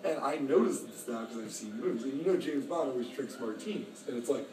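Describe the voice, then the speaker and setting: A man's voice: mid-range voice, fairly quick, music in the background. A man talking in a rambling, disjointed way, full of filler words, while intoxicated, in a motel lobby. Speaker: motel guest. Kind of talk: rambling monologue. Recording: echoey room, distant phone, background noise.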